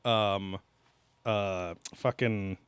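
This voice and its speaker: Rambling man, low voice, dry sound. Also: fairly even intonation, drawn-out words, a bit bright, clear, resonant tone, dry recording. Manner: rambling, heavy with fillers and casual swearing. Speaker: podcast co-host. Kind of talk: casual chat.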